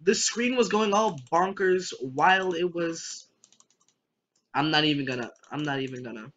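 A young adult gamer gives let's play commentary in a medium-pitched, fairly bright voice at normal speed. Jokey and rambling, they talk back to the game on screen, and the recording sounds dull and lo-fi.

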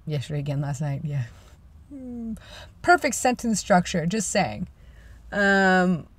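A man's voice: high voice, very animated, unhurried, fairly bright tone, dry recording. A young man in his twenties, vlogging casually in a rambling, self-deprecating way. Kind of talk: casual vlog chat.

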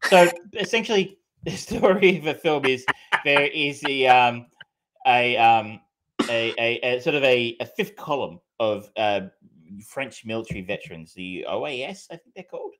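A man's voice: mid-range voice, expressive, moderate pace, fairly bright tone. Rambling male film podcast host. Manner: rambling, many fillers and restarts, swears casually. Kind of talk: casual film review chat.

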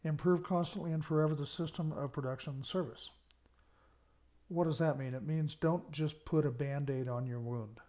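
The speaker, a university lecturer from the US, has a warm voice on the higher side, fairly even intonation, and a normal speed. He's giving a recorded lecture on management, explaining ideas, stressing key terms, and often pausing for an "okay."

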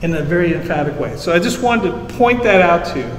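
A man's voice: high voice, lively intonation, quick pace, slight background noise. A man preaching a sermon as pastor, teaching in a conversational way and rising to emphasis when he quotes scripture. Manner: conversational teaching, explains Hebrew terms simply, rises emphatic on scripture. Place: church sanctuary. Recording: echoey church hall.

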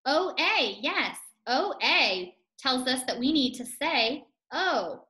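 A woman teacher leads a first-grade phonics lesson, drawing out each sound slowly and clearly. Her voice is bright and a little high, and it rings in an echoey room. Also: big pitch swings. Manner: slow, clear, sing-song teacher talk with chants.

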